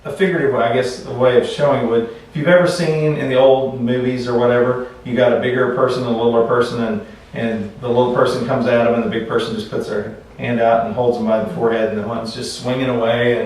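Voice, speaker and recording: A man teaching a class in a relaxed, conversational way, telling stories and often restarting his sentences. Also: medium pitch, quick pace. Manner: conversational, repeats words when restarting. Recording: echoey room, far from mic, faint noise.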